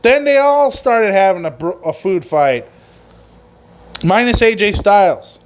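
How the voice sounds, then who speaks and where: A man's voice: high voice, expressive, unhurried. A man hosting a casual wrestling podcast who rambles through a recap, swears often and laughs at his own jokes. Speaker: podcast host.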